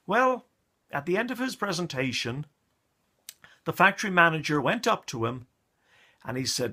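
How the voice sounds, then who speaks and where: A middle-aged man telling a funny story with a moral in a lively, theatrical way. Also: on the high side, moderate pace. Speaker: storyteller, communication coach. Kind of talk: motivational story monologue.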